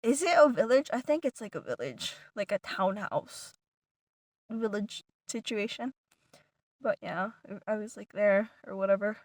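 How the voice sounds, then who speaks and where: Her mid-range voice moves at a moderate pace in a dry recording as this vlogger casually recounts a long tale to viewers. The animated retelling wanders, packed with "like" and false starts, with occasional words whispered.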